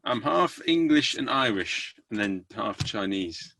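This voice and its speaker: A man's voice: fairly low pitch, animated, unhurried, gravelly, sharp tone, dry recording. A man hosting a podcast, chatting casually in a hesitant, rambling way with many restarts. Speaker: podcast host. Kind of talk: casual interview chat.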